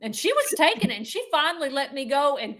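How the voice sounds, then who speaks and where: A woman's voice: high-pitched, sing-song, fast, a bit bright. A woman co-hosting a podcast, telling a story in a casual way and laughing often as she goes. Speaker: podcast co-host.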